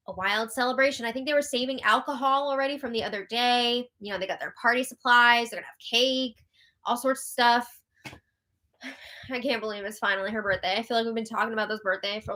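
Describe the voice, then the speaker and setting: Bright, animated woman hosting a live show. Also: a little high, a little fast. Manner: animated and gossipy, laughs often. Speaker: co-host of a live reality TV update show. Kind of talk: casual live-stream chat.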